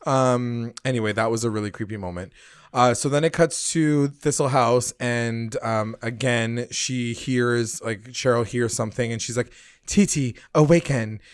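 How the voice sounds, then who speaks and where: Excitable young man recapping with lots of swearing. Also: mid-range voice, moderate pace, clean tone, no room sound, clean studio sound. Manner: swears a lot, acts out characters' lines. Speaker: podcast co-host. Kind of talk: casual recap chat.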